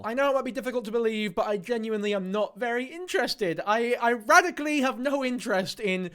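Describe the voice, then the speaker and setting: A man's voice: extremely high pitch, animated, brisk, few pauses, fairly bright tone, clean tone. A British man giving casual reaction commentary in a sarcastic, sweary, mocking way. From Britain.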